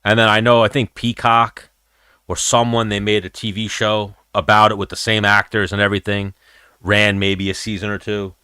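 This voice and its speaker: A man's voice: fairly low pitch, flat delivery, moderate pace, bright, forceful tone, smooth, no room sound, studio quality. Rambling, profane young man chatting. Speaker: livestream host. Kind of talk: casual chat with live chat.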